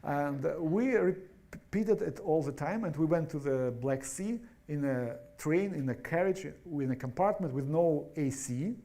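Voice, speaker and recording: Brief: male pastor, somewhat high and mellow, halting sermon delivery full of restarts. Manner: halting, restarts words, many fillers. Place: church.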